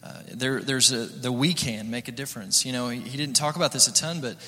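A man's voice: medium pitch, brisk, bright, forceful tone, long reverb tail. A male pastor preaching an encouraging sermon, rallying the congregation.

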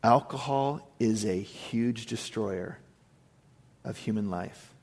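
A man's voice: lowish voice, slow, a little mellow, breathy edge. A male pastor giving a conversational sermon, emphatic with frequent asides to the congregation.

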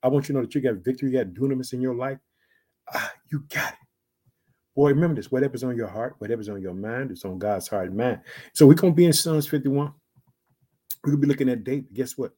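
Male preacher, online sermon, husky and mellow, emphatic, loud-soft swings, slow drawn-out phrases. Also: medium pitch. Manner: emphatic, repeats "guess what" and "check it out"; drawls key phrases slowly.

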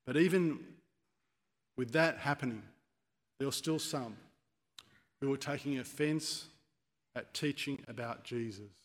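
A man's voice: mid-range voice, unhurried, pauses often. A man preaching a sermon, telling stories and acting out quoted speeches with rising force. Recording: long church reverb.

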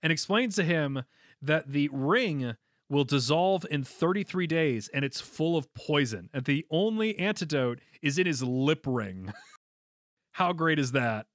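Giggly, high-voiced man recapping a show. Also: unhurried, dry recording, clean studio sound. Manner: giggly, animated. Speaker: podcast co-host. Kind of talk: casual chat recapping a show.

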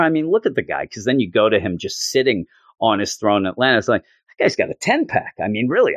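A man's voice: medium pitch, a little fast, no echo. Man rambling through a comic review. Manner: rambling, jokey, animated retelling. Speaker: podcast host. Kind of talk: casual comic book review.

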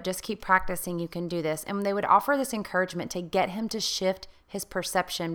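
A woman's voice: fairly low pitch, a bit bright, clean tone. A woman hosting a talk on healing after divorce, speaking in an earnest, coaxing way and asking many questions. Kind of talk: encouraging self-help talk.

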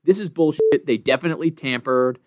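A man's voice: on the high side, fairly quick. A man co-hosting a podcast in a casual style, ranting with lots of swearing. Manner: profane, worked-up ranting. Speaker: podcast co-host.

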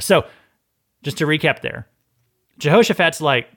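A man hosting a Bible teaching podcast, reading passages and retelling the stories in a lively, conversational way, often restarting his words. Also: a little high, brisk. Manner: animated storytelling, acts out scenes, repeats words when he starts a phrase.

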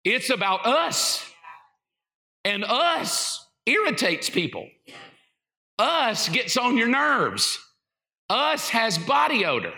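Bright, high-voiced joking pastor. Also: male voice, takes it slowly, creaky, long pauses. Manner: animated, jokey, acts out quotes. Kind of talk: comedic sermon storytelling.

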